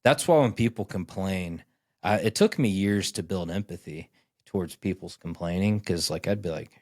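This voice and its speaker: Podcast host in his thirties; low, dry-miked voice; loose, profane storyteller who acts out conversations. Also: normal speed, darkish tone, no room sound. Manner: rambling storyteller, acts out dialogue, swears often. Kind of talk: casual chat.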